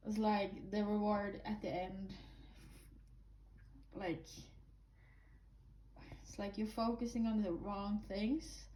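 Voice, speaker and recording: A woman's voice: mid-range voice, steady tone, slow, warm tone, a little hiss or hum, rough recording. Blunt, rambling woman reading oracle cards. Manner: rambling, blunt, swears casually. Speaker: oracle card reader. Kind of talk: casual intuitive card reading.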